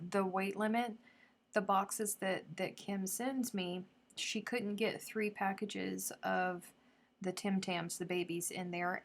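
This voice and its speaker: Female live-stream host, lowish voice with a gravelly edge, chatty and effusive, slipping into soft asides. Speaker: crochet livestream host. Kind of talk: casual live-stream chat.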